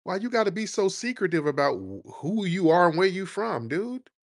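A man's voice: high-pitched, sing-song, moderate pace, dry recording, clean studio sound. A man hosting a call-in radio show, blunt and mocking, with a profane, confrontational way of talking.

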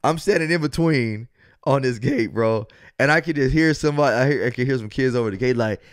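A man's voice: mid-range voice, a little fast, dry recording, studio quality. A young man co-hosting a podcast, rambling through a story with restarts and slang. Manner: rambling, restarts, lots of "like" and "bro". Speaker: podcast co-host. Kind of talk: casual chat.

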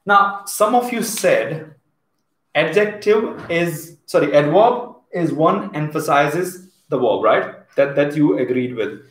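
A man's voice: a little high, expressive, takes it slowly. A man with an Indian English accent teaching a live online English class, chatting and reading out viewers' comments as he goes. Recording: echoey room.

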